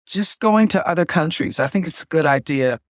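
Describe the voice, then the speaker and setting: A woman's voice: deep voice, expressive, fairly quick, dry recording, clean studio sound. A woman co-hosting a podcast in casual chat, emphatic and chatty with folksy asides. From United States. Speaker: podcast co-host and singer.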